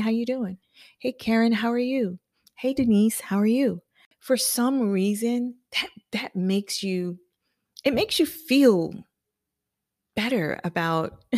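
A woman's voice: fairly low pitch, a little mellow, dry recording, studio quality. A woman who owns a salon, talking conversationally and with emphasis as she gives business advice on her podcast, often checking in with listeners. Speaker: salon owner and hairstylist educator. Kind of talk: motivational business podcast talk.

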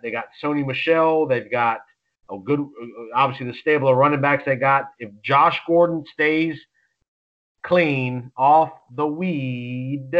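A man co-hosting a sports podcast, chatting casually about picks in an excitable, rambling way with lots of restarts. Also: mid-range voice, lo-fi sound. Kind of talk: casual sports betting chat.

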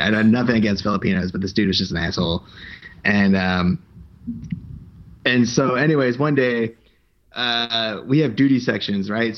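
A man's voice: fairly low pitch, lo-fi sound. A man casually telling a rambling, profane story, raising his voice to act out what others said. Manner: rambling, profane, acts out quotes in a raised voice.

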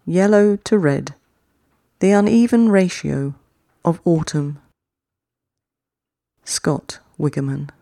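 A podcast host reading short poems slowly and deliberately, each one twice with long pauses, then closing the show in a chattier way. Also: medium pitch, gravelly, mellow, dry recording, studio quality. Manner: chatty, quicker sign-off. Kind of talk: slow, measured poetry reading.

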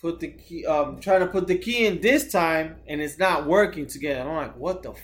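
A high-pitched man co-hosts a casual podcast. He rambles through his stories with plenty of swearing and pokes fun at himself. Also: normal speed. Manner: rambling storyteller, swears a lot, self-mocking. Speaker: podcast co-host.

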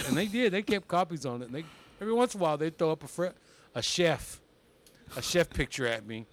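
Quick and fairly high-pitched, this young man is a comedian visiting a podcast. His storytelling is casual and animated, and he laughs repeatedly while talking.

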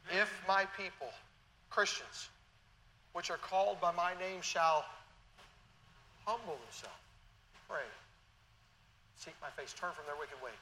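Bright-voiced preaching man in a hall. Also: high voice, a little hiss or hum. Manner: animated preaching, swings from quiet to loud. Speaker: pastor. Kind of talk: sermon. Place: church sanctuary. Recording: church hall reverb, faint ambience.

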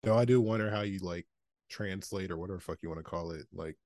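Laid-back low-voiced man, casual chat. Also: fast talker, a little mellow, no room sound. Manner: laid-back, profane, heavy on fillers. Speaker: podcast co-host.

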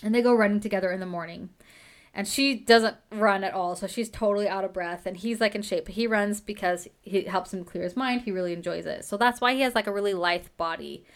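Woman, book podcast host, casual recap, gushing, quick laughs. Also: medium pitch.

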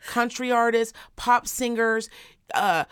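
A woman's voice: fairly high pitch, slow pace, smooth, no echo, studio quality. Blunt, profane woman chatting. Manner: blunt, profane, animated storytelling. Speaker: podcast co-host. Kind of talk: casual chat.

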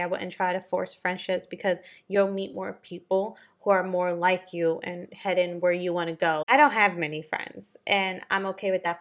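A young adult woman in casual chat, reflective and encouraging, often murmuring agreement. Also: medium pitch.

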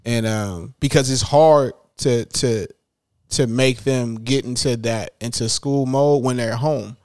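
A man's voice: medium pitch, a little slow, a little mellow, no room sound. A man talking casually as a parent, rambling and restarting his sentences often. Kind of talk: casual chat.

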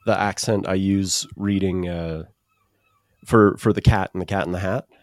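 A man's voice: sits low, steady tone, moderate pace, no room sound, studio quality. A man co-hosting a podcast in casual chat, with many restarts and fillers. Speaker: podcast co-host.

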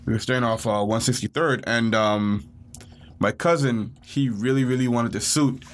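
A young man from the Bahamas, co-hosting a podcast, telling a story in a casual, animated way, acting out the panicked quotes. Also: medium pitch, moderate pace. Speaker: podcast co-host.

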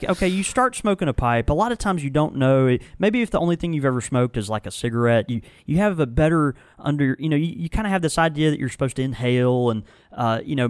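A man hosting a casual chat, telling stories in a lively, rambling way with many restarts. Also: mid-range voice, dry recording, clean studio sound. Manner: animated, storytelling with frequent restarts. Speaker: tobacco shop host. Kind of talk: casual conversational review.

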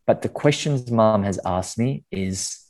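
Aussie guy, really low voice, stop-start candid talk, swears a bit. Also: darkish tone. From Australia. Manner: halting, repeats words, swears casually. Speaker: podcast guest. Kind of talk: candid interview conversation.

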